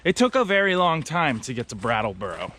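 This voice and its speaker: A man's voice: mid-range voice, fairly quick, slight background noise. A man vlogging, telling a travel story in a casual, sarcastic way. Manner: sarcastic, animated retelling.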